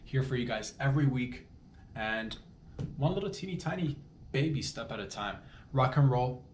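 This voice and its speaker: A man's voice: medium pitch, expressive, moderate pace. A man hosting a comedy podcast, talking in a casual, rambling and earnest monologue that keeps interrupting itself. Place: Toronto. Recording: echoey room with faint background noise.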